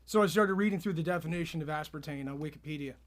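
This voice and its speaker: Deadpan man spinning tall tales. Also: on the high side, rapid-fire. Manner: deadpan, spins absurd tall tales with a straight face. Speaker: podcast co-host. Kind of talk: deadpan comedic storytelling.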